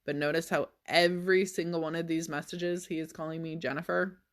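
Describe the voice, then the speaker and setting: A woman's voice: low-pitched, fairly even intonation, brisk. A woman vlogging in a casual monologue, telling a story in a sarcastic, exasperated way.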